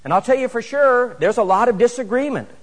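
A middle-aged man preaching a sermon to his church, animated and rising to emphatic exhortation. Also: extremely high pitch, fairly quick. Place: church sanctuary. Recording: echoey church hall.

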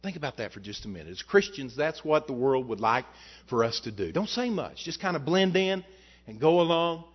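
A male pastor preaching a sermon, asking the congregation rhetorical questions and swinging between loud and soft. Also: animated, a little fast, breathy edge, highs cut off. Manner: rises and falls in pitch and loudness, rhetorical questions.

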